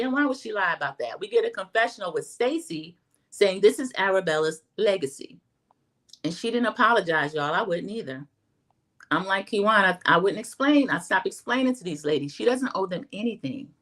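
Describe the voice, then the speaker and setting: A woman in middle age hosts a casual recap stream, talking straight to her viewers. Her pitch moves a lot as she chats, animated and conversational. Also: fairly quick. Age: middle-aged. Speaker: host. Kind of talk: casual livestream recap chat.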